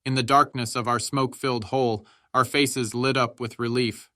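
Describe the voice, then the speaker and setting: A man narrating an audiobook in a measured, steady reading style. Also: mid-range voice, no room sound, studio quality.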